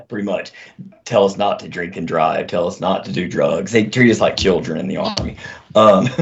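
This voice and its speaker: A man who is an army veteran, telling stories as a guest in a casual conversation, animated and profane, on a dull lo-fi recording. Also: low-pitched, unhurried, gravelly.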